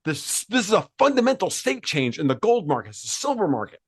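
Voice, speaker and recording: A man's voice: high voice, very animated, fairly quick, breathy edge, dry recording. A man hosting a podcast, from the United States, delivering a heated, profane rant full of repeated words and restarts. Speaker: podcast host.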